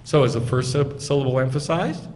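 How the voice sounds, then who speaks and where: This rabbi's voice is mid-range with a darkish tone, and he talks a little fast. His teaching sermon breaks ideas down step by step and quizzes the audience, captured in an echoey hall with slight noise.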